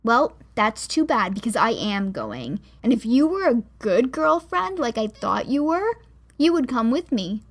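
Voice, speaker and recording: A woman's voice: a little high, big pitch swings, measured pace, full character voice. Woman reading as a young heartbroken girl lashing out. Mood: angry. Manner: sharp, lashing out.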